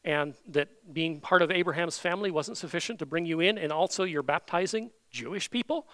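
A man's voice: a little high, a little fast, fairly bright tone, no room sound. A man preaching a sermon, emphatic, with many rhetorical questions to the congregation. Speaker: pastor.

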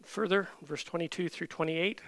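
A man's voice: on the high side, fairly even intonation, normal speed, fairly bright tone, dry recording. A man preaching a sermon, emphatic, with many rhetorical questions to the congregation. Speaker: pastor.

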